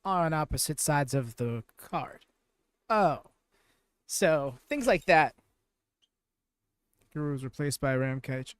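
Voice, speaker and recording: A man hosts a live reaction stream, chatting loosely and replying to viewers as he goes. His voice sits a little high and comes through smooth and clear. The sound is dry and close, with almost no room echo. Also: lively intonation, takes it slowly, long pauses. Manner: chatty, reads and answers chat viewers by name. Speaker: watchalong host.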